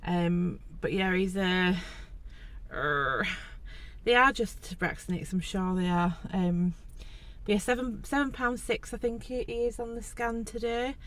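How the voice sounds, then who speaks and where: A woman's voice: mid-range voice, measured pace, a bit bright. A pregnant woman, chatting to camera in a casual vlog, laughing often and teary. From England. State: heavily pregnant, out of breath at times. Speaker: vlogger. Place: in and around a car at a hospital.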